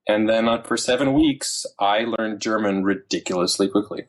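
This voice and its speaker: Telling stories as a guest on a casual podcast, a man in his thirties speaks with animation, frequently using fillers and restarting sentences. His voice runs on the low side at a normal speed.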